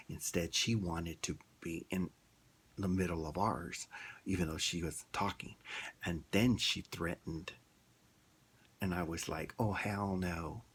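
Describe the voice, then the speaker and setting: A man's voice: sits low, husky. A man ranting bluntly in a rambling, casual opinion monologue. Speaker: vlogger.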